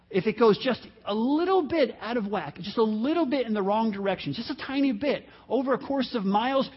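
High-voiced man preaching, lo-fi audio. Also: breathy edge. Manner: earnest, repeats phrases, acts out quoted voices. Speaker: pastor. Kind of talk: sermon. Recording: dull lo-fi audio.

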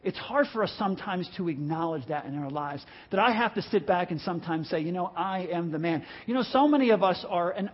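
A male pastor preaching a sermon in a church service, telling a story in an animated way and acting out the voices in it. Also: high-pitched, breathy edge, highs cut off.

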